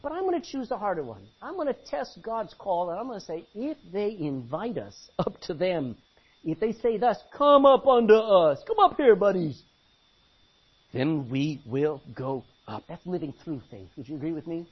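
Husky man preaching, lively rising and falling pitch, acts out scenes, dull lo-fi recording. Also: moderate pace. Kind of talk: sermon.

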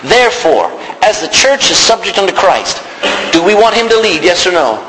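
A man's voice: high voice, sing-song, normal speed. A male preacher giving an emphatic sermon, calling out to the congregation for responses. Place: church. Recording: long hall reverb, faint noise.

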